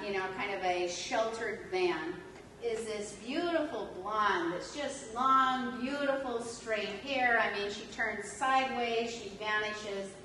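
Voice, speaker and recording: A woman from California telling lively stories in a lecture, laughing often and poking fun at herself. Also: on the high side, a little hiss or hum. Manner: animated, laughs often, self-mocking humor. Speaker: religion instructor. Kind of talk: storytelling lecture. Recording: echoey hall taped from far off.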